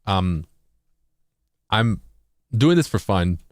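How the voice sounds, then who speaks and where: A man's voice: low-pitched, very animated, extremely slow, no echo, studio quality. A man who produces music talks casually through a tutorial stream and keeps checking in with "right?". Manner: explanatory, keeps asking "right?".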